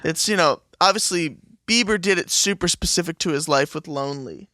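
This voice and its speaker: A man's voice: on the high side, fairly quick, sharp tone, dry recording, clean studio sound. A male host chatting casually and joking about writing a song. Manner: laid-back, joking. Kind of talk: casual chat.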